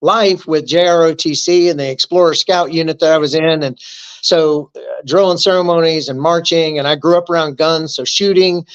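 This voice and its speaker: A man's voice: a little high, fairly even intonation, normal speed, clear, resonant tone, dull audio. A man in his fifties, an army veteran, telling stories in a casual, joking interview. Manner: joking, easygoing storyteller who acts out quotes.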